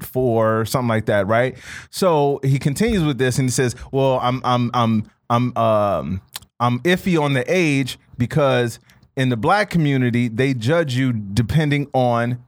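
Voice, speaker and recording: A man co-hosting a podcast, talking casually and animatedly, often calling his co-host "bro". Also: mid-range voice. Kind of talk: casual chat.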